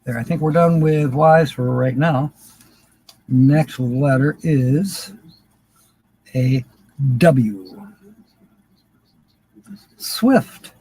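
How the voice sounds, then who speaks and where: Hosting a livestream word game, an older man keeps up casual chat and chuckles often as he calls out viewers' names. His medium-pitched voice draws out words with long pauses, darkish and slightly rough, on a low-quality recording.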